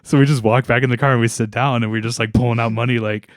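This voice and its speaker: A man's voice: mid-range voice, steady tone, quick pace, no echo, studio quality. A man co-hosting a podcast in casual chat, joking, laughing often and rambling with fillers. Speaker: podcast co-host.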